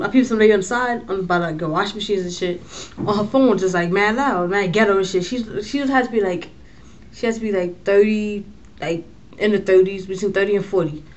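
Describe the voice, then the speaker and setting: A young woman telling a story in a casual vlog, slangy and animated, cursing freely. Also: mid-range voice, lo-fi sound.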